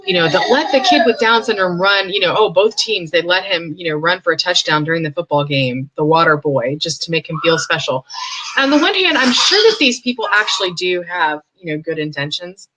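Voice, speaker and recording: A young woman speaking candidly and with firm opinions as a podcast host, mimicking other people in high, mocking voices. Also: expressive, a little fast, bright, forceful tone, poor audio. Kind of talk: casual commentary.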